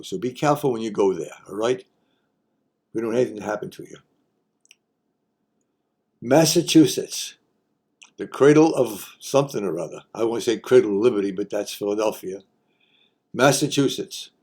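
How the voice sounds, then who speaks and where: Older man, low mellow voice, folksy wry explainer, joking asides. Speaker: host. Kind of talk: casual explainer monologue.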